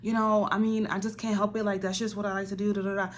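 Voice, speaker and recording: A woman's voice: medium pitch, little pitch movement, quick pace, a little hiss or hum, voice pushed up, natural voice. A woman voicing her dismissive young female college roommate, breezy and offhand.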